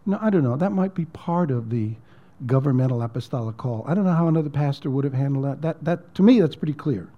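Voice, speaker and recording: A man's voice: medium pitch, lively intonation, quick pace, few pauses, highs cut off. A man preaching as a pastor in a conversational storytelling way, repeating words and dropping almost to a whisper at emotional points. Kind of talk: sermon storytelling.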